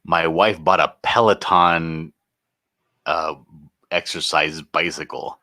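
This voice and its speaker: A man's voice: low-pitched, fairly even intonation, slow, pushed and bright. A man on a video call, chatting casually and bluntly complaining. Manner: blunt, complaining, says "dude". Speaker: guest on a livestream. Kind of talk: casual chat. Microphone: webcam on a video call.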